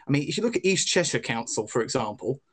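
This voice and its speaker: A man's voice: medium pitch, very animated, quick pace. A man giving opinionated news commentary, dismissive and argumentative.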